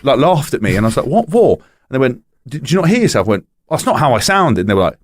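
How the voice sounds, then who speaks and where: A man's voice: mid-range voice, fast talker, no room sound, studio quality. A man telling stories in casual podcast chat, swearing freely and acting out quotes. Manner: animated storyteller, swears freely, acts out quotes. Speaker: podcast guest telling anecdotes.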